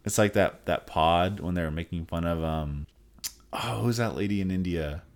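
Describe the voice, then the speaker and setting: A young man co-hosting a podcast, chatting casually about a reality show, swearing freely and getting worked up as he acts out the people he quotes. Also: normal speed. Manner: profane, animated, acts out quoted people in a high voice. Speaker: podcast co-host.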